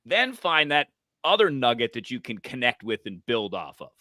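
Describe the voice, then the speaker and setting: A former radio man talks through phone-call tips in an easy conversational way. His voice is bright and forceful, recorded dry with no room sound. He lets his pitch rise and fall for emphasis. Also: sing-song, normal speed, no room sound. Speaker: podcast guest, voice coach. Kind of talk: conversational advice.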